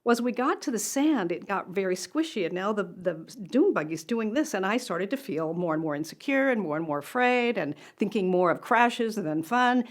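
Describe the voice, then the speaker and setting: A woman's voice: medium pitch, animated, moderate pace, hardly any pauses. An older woman, a motivational speaker, telling a personal story straight to camera in an earnest, conversational way.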